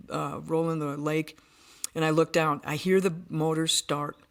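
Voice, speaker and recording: A woman guest on a podcast, telling a personal story in an earnest, vivid way, often restarting her sentences. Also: lowish voice.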